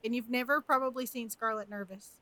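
Bright-voiced woman playing a tabletop game. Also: a little high, steady tone, fast talker. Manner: chatty, describing her character's actions.

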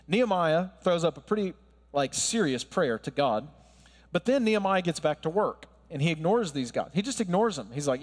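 A man in his thirties delivers a sermon in a conversational, wry way with asides to the listeners. His voice sits a little high for a man, and a long hall reverb trails every phrase. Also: animated, normal speed. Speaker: pastor.

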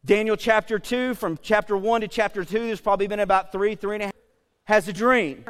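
A male pastor preaching a sermon in a lively, conversational way, with joking asides and frequent checks like "okay?". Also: sits high, fairly quick, big-room sound.

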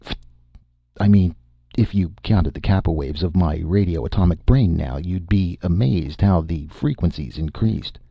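A man's voice: low voice, unhurried, creaky, slightly rough, dry recording, lo-fi sound, exaggerated voice. A man voicing a pedantic male robot from the future who turns tipsy, in an audiobook reading. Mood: pompous. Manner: pedantic, slurring after the jolt.

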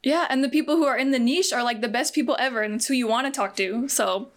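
Slightly high-voiced young woman guest. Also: fast talker. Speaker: guest, costume maker. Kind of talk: casual chat.

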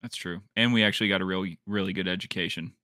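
A man co-hosting a casual sports chat, heckling the others, swearing and laughing loudly. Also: low-pitched, fairly even intonation, very fast, no room sound, studio quality. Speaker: podcast co-host.

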